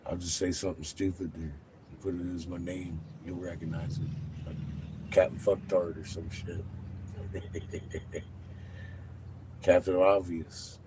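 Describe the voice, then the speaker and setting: A man hosting his own channel, talking casually to viewers, animated and profane, laughing often. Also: deep voice, a little hiss or hum. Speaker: channel host.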